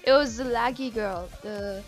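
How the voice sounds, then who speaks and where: A woman giving live commentary over her own gameplay. She is excitable, shrieks and laughs at scares, then chats on and apologizes a lot. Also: a little high, a little slow, loud music behind the voice. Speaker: gaming channel host.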